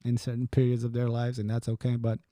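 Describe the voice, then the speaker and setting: A man's voice: mid-range voice, monotone, quick pace, mellow, no echo. A young man hosting a podcast, chatting casually with viewers in a rambling, profane way with frequent laughs. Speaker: podcast host. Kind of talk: casual chat with live viewers.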